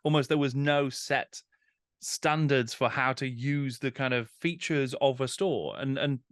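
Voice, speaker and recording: A man hosting a podcast, speaking at an ordinary middle pitch for a man. He reflects on what his guest said and gently draws more out of him. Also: a little slow. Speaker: podcast host. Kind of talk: conversational interview.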